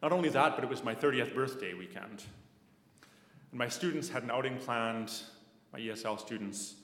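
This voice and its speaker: A man from Canada preaching a sermon, slow and measured, repeating key phrases and dropping to soft asides. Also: mid-range voice. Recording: echoey hall with long reverb.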